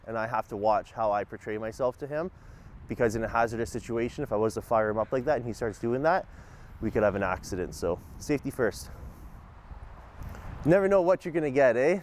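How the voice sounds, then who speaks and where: A man of medium pitch gives casual dog-training guidance outside as he walks his dog. He moves between an upbeat and a calm manner and keeps his commands short.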